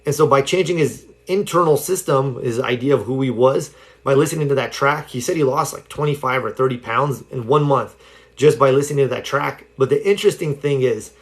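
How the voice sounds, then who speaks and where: Guy rambling thru a self-help story on a live stream, average pitch, lots of fillers. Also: fairly quick. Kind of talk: casual livestream talk. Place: home livestream.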